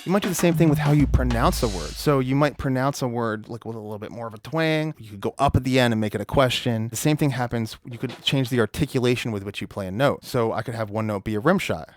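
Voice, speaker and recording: A man's voice: mid-range voice, fast, few pauses, faint music behind. A man teaching a drum lesson, talking straight to the viewer and singing drum patterns out in scat syllables. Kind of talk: instructional talk to camera. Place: recording studio.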